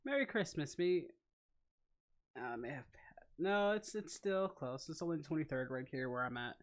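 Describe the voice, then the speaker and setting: A man talking casually on a livestream, answering viewer comments in his own everyday voice. He laughs a lot and now and then bursts out loud and high. At times he drifts away from the mic. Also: moderate pace. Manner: laughs often, jumps into loud outbursts. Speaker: livestream host.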